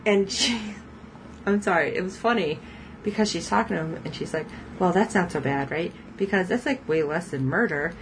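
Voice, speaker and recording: A woman's voice: lowish voice, animated, normal speed, rough recording. Woman, podcast co-host, casual TV recap chat, chatty, laughs often, faint background noise.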